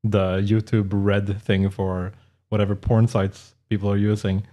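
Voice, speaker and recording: Low-voiced man rambling through funny stories. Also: level tone, unhurried, dark tone. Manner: rambling anecdotes, laughs often. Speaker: podcast co-host. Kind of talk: casual chat.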